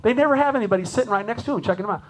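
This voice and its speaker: Male jazz drummer leading a clinic, fairly high voice, animated and chatty, faint hum behind. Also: rapid-fire, poor audio. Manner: animated, chatty, laughs often, acts out quoted voices. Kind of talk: lively conference clinic talk. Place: conference room with an audience.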